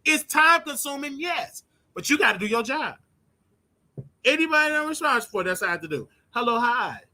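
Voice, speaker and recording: Blunt high-voiced man ranting advice. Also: animated, brisk, sharp tone. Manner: blunt, preachy, repeats his points for emphasis. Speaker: show host. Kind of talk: casual advice rant.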